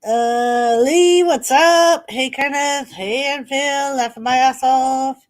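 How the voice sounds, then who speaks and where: High-pitched middle-aged lady streamer, laid-back slow chat, giggles a lot reading chat. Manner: laughs often while reading chat messages aloud. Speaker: streamer hosting a wrestling watch party. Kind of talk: casual live-stream chat.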